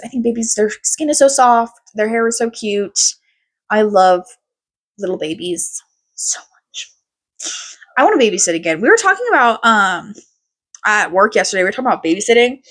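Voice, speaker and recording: A woman's voice: fairly high pitch, animated, a little fast. A young adult woman hosting a podcast in casual chat, rambling and swearing freely. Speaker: podcast host.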